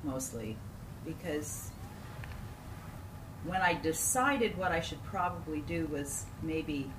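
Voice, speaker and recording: A woman in a group, telling a story quickly and plainly. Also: low-pitched, animated. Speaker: group participant. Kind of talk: sharing a story in a group discussion. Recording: distant, roomy, noisy.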